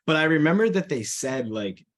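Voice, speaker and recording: A man speaking as a podcast guest, telling stories in an excited, emotional way with many restarts. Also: a little high, normal speed. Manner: excited, emotional, stammering storyteller. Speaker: guest coach. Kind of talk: casual podcast chat.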